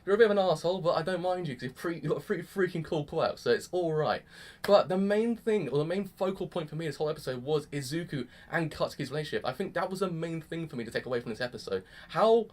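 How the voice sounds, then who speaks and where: A young man giving a casual reaction review of an anime episode, gushing and excitable, with mild swearing sprinkled through his talk. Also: fairly high pitch, fast talker.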